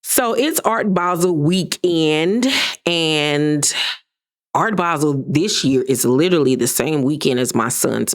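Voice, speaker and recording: Sassy low-voiced woman recapping gossip. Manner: sassy, gossipy, animated impressions of cast members. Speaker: reality TV recap host. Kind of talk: casual recap commentary.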